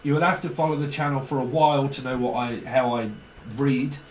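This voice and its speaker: A man's voice: mid-range voice, fairly even intonation, fairly quick, far from the mic, slight background noise. A man reading tarot in casual chat, acting out both sides of arguments and swearing freely. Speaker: tarot reader. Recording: echoey room, voice off-mic.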